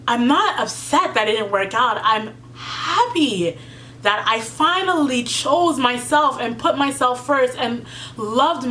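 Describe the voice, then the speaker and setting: Bright-voiced young woman, tearful and earnest. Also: a little high, slight background noise. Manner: earnest, heartfelt, fillers and repeats, fighting back tears. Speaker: vlogger. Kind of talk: emotional personal story to camera.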